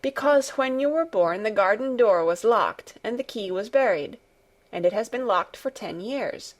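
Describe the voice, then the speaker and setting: A woman's voice: mid-range voice, animated, normal speed, close to an everyday voice. A woman narrator voicing a cautious, earnest ten-year-old girl who answers carefully and somewhat nervously in an audiobook. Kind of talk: audiobook character reading.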